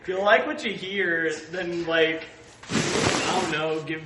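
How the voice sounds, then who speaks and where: A man's voice: fairly high pitch, takes it slowly. A young man co-hosting a podcast, joking as he wraps up the episode. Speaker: podcast co-host. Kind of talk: casual chat. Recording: echoey room with crowd noise.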